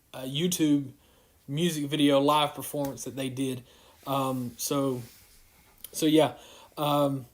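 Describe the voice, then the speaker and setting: A man giving a casual livestreamed devotional as a youth pastor, halting with many fillers and restarts. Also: fairly high pitch.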